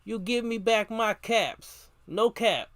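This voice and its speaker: A man voicing an angry grown peddler who scolds and shouts his demands while reading a storybook aloud. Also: high-pitched, slow pace, no room sound, pitched above the performer's own voice, full character voice.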